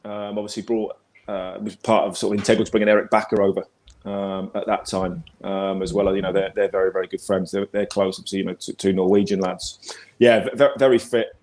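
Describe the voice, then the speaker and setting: A man's voice: low voice, little pitch movement, a little fast, darkish tone. A man in his forties with an English accent, chatting as a football pundit guest in a rambling, repetitive way over a video call. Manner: rambling, repeats words, chatty. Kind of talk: casual chat.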